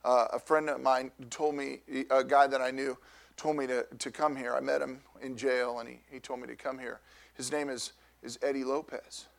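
A middle-aged man, a pastor, telling a personal story in a sermon, loud and animated, with lots of restarts. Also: mid-range voice, moderate pace, gravelly.

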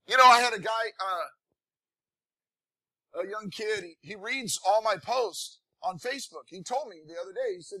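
A pastor preaching a sermon in a folksy, conversational way, growing animated and breaking into shouts of praise. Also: male voice, high voice, normal speed, dry recording.

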